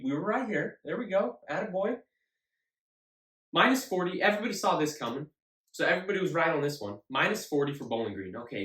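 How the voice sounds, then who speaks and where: A fairly high-voiced man hosts a casual sports talk show. He speaks with animated emphasis and repeats his points. He sounds a little away from the mic, with roomy echo. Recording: echoey room, mic at a distance.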